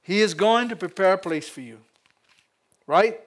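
Louisiana pastor preaching, pretty high voice, laughs a lot and calls out to the church. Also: male voice, normal speed. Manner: lively preaching with frequent laughs and call-outs to the congregation. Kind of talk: sermon.

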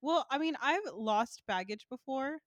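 A woman with a fairly high, bright voice and a lively, swinging pitch chats casually as a podcast co-host. She laughs along easily and tosses in quick reactions. The recording is close and dry. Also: no echo. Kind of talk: casual chat.

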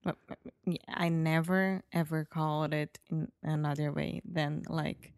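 Portuguese woman, gravelly low-ish voice, laughs a lot, hunts for english words. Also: fairly even intonation, unhurried, darkish tone, no room sound, studio quality. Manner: hesitant, laughs often, searches for English words. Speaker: co-host learning English. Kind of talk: casual chat.

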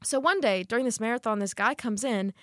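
A young woman co-hosting a podcast, telling work stories in a rambling, animated way with lots of "like" fillers. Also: a little high, fairly quick, no echo, clean studio sound. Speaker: podcast co-host. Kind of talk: casual storytelling chat.

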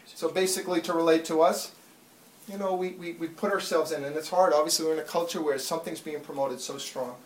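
A man's voice: a little high, steady tone, brisk. A man preaching a sermon to a congregation, talking plainly and then building to urgent, impassioned appeals. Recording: echoey room, mic far off.

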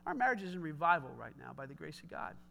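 Male pastor, middle-aged, high bright voice, emphatic casual preaching. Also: very animated, quick pace, gravelly, slight background noise. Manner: emphatic, conversational preaching with rising shouts. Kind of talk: sermon.

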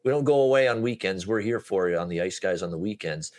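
Low-ish voiced guy hosting a betting podcast, lots of uh's, rambly casual chat. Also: animated, quick pace, darkish tone. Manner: talks at length with many "uh" fillers. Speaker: podcast host.

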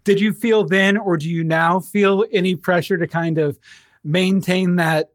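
Relaxed man hosting an interview. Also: high-pitched, a little slow, no room sound, studio quality. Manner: relaxed, supportive, frequent backchannels and laughs. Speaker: host. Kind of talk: casual interview chat.

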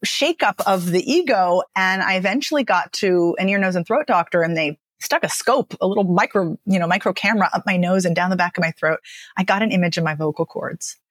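A speech and dialect coach describes her career path in a chatty, animated podcast interview, laughing often. Her voice is mid-range and brisk, and the recording is dry with clean studio sound.

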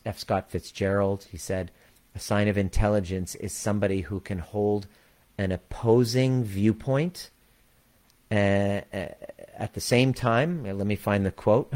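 A man's voice: on the low side, measured pace, a little mellow. A man and former chiropractor telling a story in a candid, earnest way, swearing freely, then speaking to his community about hearing opposing views. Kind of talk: casual storytelling monologue.

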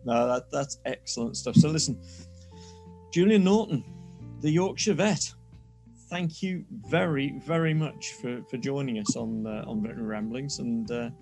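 Man, podcast host, casual chat, joking, gravelly voice, clear music in background. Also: mid-range voice, darkish tone. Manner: joking, upbeat wrap-up.

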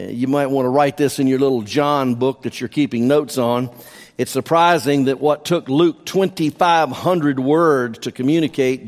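A man preaching a sermon as pastor, emphatic, repeating key phrases for stress. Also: mid-range voice. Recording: long hall reverb.

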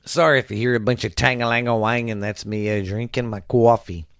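A man's voice: mid-range voice, steady tone, fairly quick, creaky, a bit bright, smooth, dry recording. Middle-aged man, podcast host, profane stammering rant, dry close sound. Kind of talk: casual rambling monologue. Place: home at night.

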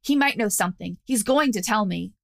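A woman's voice: medium pitch, animated, a little fast, creaky, no room sound, studio quality. A woman voicing a nervous, self-important male goblin crime boss with a faintly nasal voice. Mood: anxious. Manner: whiny and anxious.

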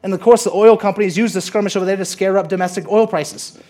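Man reading as brilliant bitter young man, sardonic rant, high-pitched male voice. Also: fairly even intonation, fast, darkish tone, natural voice. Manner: long sarcastic rant read aloud. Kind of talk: reading a movie monologue in a sermon.

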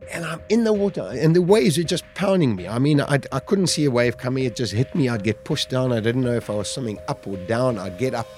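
A middle-aged man vividly telling his own survival story, with animated storytelling that rises at the dramatic moments. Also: mid-range voice, fairly quick, few pauses, faint music behind. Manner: vivid, lively retelling, rising to shouts at dramatic moments. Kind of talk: animated first-person storytelling.

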